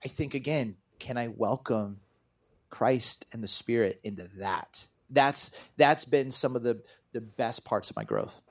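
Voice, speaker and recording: A man with a medium-pitched voice speaks earnestly and reflectively as an interview guest. He is a pastor and author, and he talks thoughtfully in spiritual terms. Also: animated, a little slow, husky. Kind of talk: reflective conversation.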